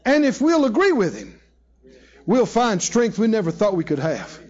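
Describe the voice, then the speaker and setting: High-voiced emphatic male preacher. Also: wildly swooping pitch, darkish tone, lo-fi sound. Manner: emphatic, call-and-response, drawn-out phrases; storytelling with voiced quotes. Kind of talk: sermon. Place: church hall with live audience.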